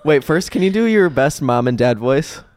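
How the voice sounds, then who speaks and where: A woman hosting a podcast, teasing her guests in a quick, playful way. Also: low voice, lively intonation, a little mellow. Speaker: podcast host. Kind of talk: casual chat.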